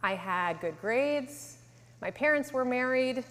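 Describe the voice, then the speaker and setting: A woman in her thirties from Connecticut telling her faith story to a live audience, earnest, sometimes dropping to a soft hush. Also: high voice, lively intonation, slow. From Connecticut, USA. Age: 30s. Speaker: speaker giving a testimony. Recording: hall reverb.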